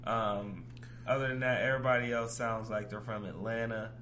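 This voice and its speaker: Bright-voiced joking podcast co-host. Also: male voice, fairly low pitch, steady tone, normal speed, a little hiss or hum. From Ohio. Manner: joking, teasing banter. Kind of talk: casual podcast chat.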